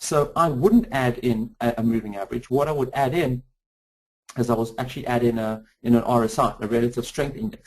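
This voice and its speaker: A man walks through charts in a live trading webinar, talking fast and stumbling through restarts and fillers. His voice sits at an ordinary middle pitch. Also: a little mellow, slightly rough, low-quality recording. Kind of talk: live webinar screen-share walkthrough.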